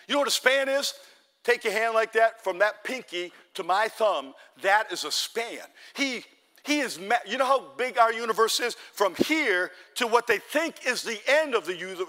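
A man preaching a sermon as pastor, building to loud exhortation and calling the congregation to answer amen. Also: high voice, expressive, normal speed, long reverb tail. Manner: fervent, builds to loud exhortation, calls for amens.

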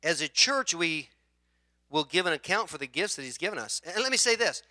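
A male pastor delivers a sermon in a high, bright, piercing voice, caught dry and close. He tells a story in bursts, dropping to quiet asides and then rising to loud, excited shouts as he acts out the people in it. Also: a little fast, no room sound.

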